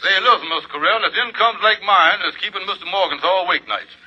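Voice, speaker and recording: Male actor as a boastful, high-voiced lodge boss who talks on the phone, brash and wisecracking, for a 1940s radio comedy; muffled broadcast sound, audience laughing. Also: expressive, fast talker, crowd noise.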